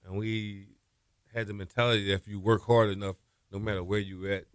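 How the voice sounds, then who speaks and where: A man, a former quarterback, telling stories in a radio interview, relaxed and trailing off softly. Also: lowish voice, fairly quick, clean tone, no echo, studio quality. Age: 50s. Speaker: former college quarterback guest. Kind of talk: interview storytelling. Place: radio studio.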